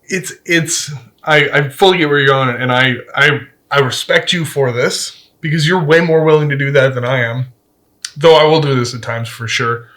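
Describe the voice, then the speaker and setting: Man, somewhat high voice, measured, reflective, questioning, casual podcast. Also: a bit bright. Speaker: podcast co-host.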